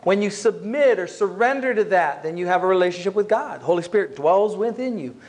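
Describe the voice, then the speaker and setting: A man's voice: sits high, animated, fairly quick, a little mellow. A man preaching a sermon as a pastor in a church, talking to the congregation in a conversational way. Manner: conversational, acts out quoted voices.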